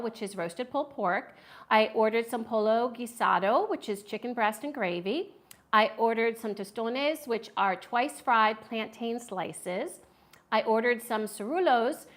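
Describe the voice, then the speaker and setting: A woman's voice: mid-range voice, a bit bright. A woman hosting a casual live-stream food review at home, chatty and enthusiastic as she reads viewer comments aloud. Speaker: food vlogger.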